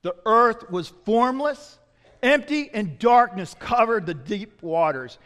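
A man preaching a sermon as pastor, swinging from loud emphatic lines to quiet, low asides. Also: in a large hall.

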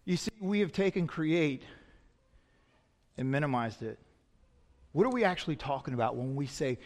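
A man preaching a sermon as pastor, swinging from loud emphatic lines to quiet, low asides. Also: expressive, normal speed, long pauses, in a large hall.

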